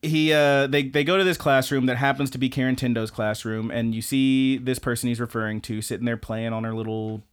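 A male podcast co-host recapping an anime in casual chat, pitched in the middle. He rambles loosely and trails off with filler phrases and crude jokes. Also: flat delivery, fairly quick, few pauses, clear, resonant tone.

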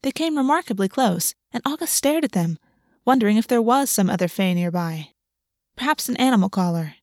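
A woman's voice: mid-range voice, animated, brisk, darkish tone, no room sound. Woman narrating a fantasy novel, dry sound. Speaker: audiobook narrator.

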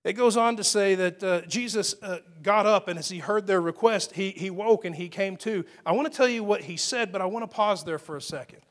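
Man, pastor, sermon, high-pitched voice, casual preaching, stop-and-start phrasing, gets loud then quiet. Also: brisk, few pauses. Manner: conversational preaching with restarts and dramatic swings in loudness.

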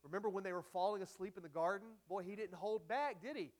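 A man with a notably high voice delivers a sermon from the pulpit. He talks in an easygoing, conversational way, dropping in asides. He punches up quoted lines with emphasis. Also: fast talker, hardly any pauses. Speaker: pastor.

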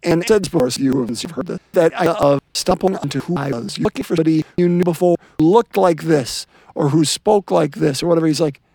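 Gravelly-voiced man hosting a prayer podcast. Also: a little high, fast, few pauses, dark tone, no room sound. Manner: earnest, rambling, with restarts. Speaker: podcast host leading prayer. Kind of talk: reflective religious chat and rosary prayer.

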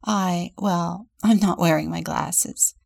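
A woman doing a shy gentle boy ghost. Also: lowish voice, fairly even intonation, slow pace, creaky, no room sound, studio quality, full character voice.

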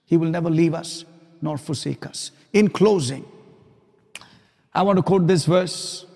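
A pastor preaching a sermon, building to loud, emphatic repetition of his points. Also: fairly high pitch, a little slow, creaky, long reverb tail.

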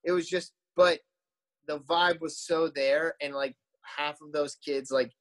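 A man chatting loosely on a podcast about life on tour. He rambles and circles back, full of fillers and restarts, in a slightly higher-than-average voice. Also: steady tone, measured pace, a bit bright. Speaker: musician guest. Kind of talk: casual podcast chat.

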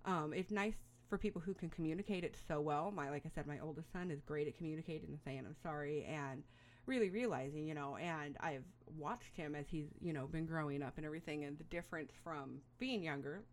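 Woman, middle-aged, low-pitched voice, chatty, rambling, casual advice talk, lots of fillers. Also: a little fast. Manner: rambling, chatty, with frequent fillers and little laughs. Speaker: parenting advice host.

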